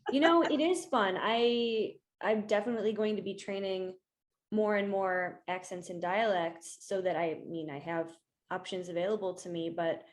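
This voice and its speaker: A woman's voice: medium pitch, normal speed. A young adult woman, an actor, interviewing her coach in an enthusiastic, casual way with many fillers, over a video call.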